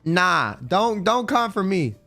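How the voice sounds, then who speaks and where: A male live streamer with a bright, high-pitched voice rambles in crude jokes as he chats with his audience. His delivery is loose and casual. Faint background music hums underneath. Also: big pitch swings, slow.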